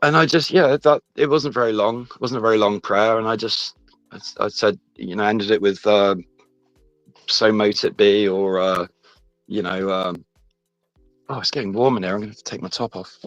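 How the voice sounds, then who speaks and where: Guy rambling a story, lots of restarts, lowish voice, dry dull mic. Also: steady tone, fairly bright tone, no echo. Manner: rambling, halting, many restarts. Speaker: guest. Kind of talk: casual chat, personal story. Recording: dull lo-fi sound, faint music behind.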